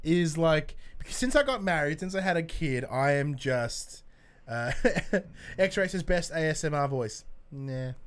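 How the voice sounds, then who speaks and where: A man's voice: on the high side, expressive, a little slow, clean tone. A young man co-hosting a podcast, talking casually about movies, swearing freely and tripping over his words. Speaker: podcast co-host.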